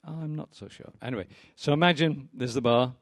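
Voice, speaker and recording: A man's voice: medium pitch, fairly quick, no room sound. A poet giving a reading of his poems with anecdotes, chatty and wry, full of ums and uhs.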